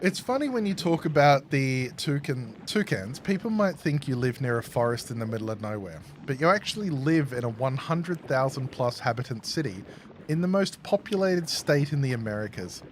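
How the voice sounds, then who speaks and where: A man's voice: medium pitch, lively intonation, moderate pace, a little hiss or hum. A man from Australia with an Australian accent, chatting casually and telling rambling stories to a live stream audience while he plays a game. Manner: rambling, chatty, laughs at his own stories. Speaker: gaming streamer. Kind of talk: casual storytelling while gaming.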